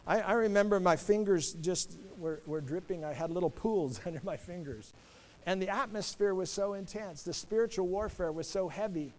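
High-voiced man preaching a sermon. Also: moderate pace, a little hiss or hum, rough recording. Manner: earnest, repeats words when starting phrases; preaching to a congregation, asking them questions. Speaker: pastor.

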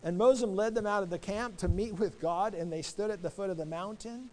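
A man with a notably high voice preaches to his congregation. He is earnest and middle-aged, often repeats a word as he starts a phrase, and asks the listeners questions. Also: a little fast, rough recording. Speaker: pastor. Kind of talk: sermon.

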